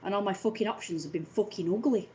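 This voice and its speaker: A woman's voice: mid-range voice, fast, a little mellow, a little hiss or hum, rough recording. A woman in her thirties in a casual, sweary vlog rant, wry and self-mocking and often laughing. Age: 30s.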